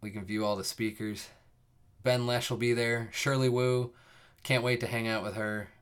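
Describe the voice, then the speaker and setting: A man's voice: medium pitch, flat delivery, moderate pace, smooth. A young man hosting a live coding stream, chatting casually with viewers in a rambling way, full of fillers and restarts before the lesson.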